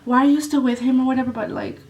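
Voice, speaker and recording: A woman's voice: sits high, level tone, quick pace, darkish tone, distant mic, slight background noise, poor audio. A young woman telling a story on her vlog in a blunt, casual way, swearing a lot and saying "like" often. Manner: blunt, heavy swearing, lots of "like". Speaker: vlogger.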